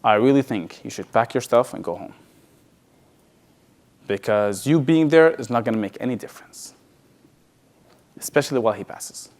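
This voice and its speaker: A man addresses a large event hall with a personal story. His voice sits at a middle pitch. He talks casually, repeating and restarting words, and sinks to a hushed tone in the tender parts. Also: normal speed, long pauses. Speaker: speaker at a sales event. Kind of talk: emotional personal story on stage.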